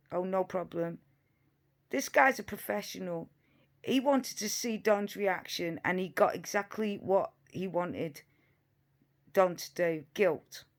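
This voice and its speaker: A woman giving reaction commentary on video clips, emphatic and indignant, repeating her points, sometimes sarcastic. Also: mid-range voice.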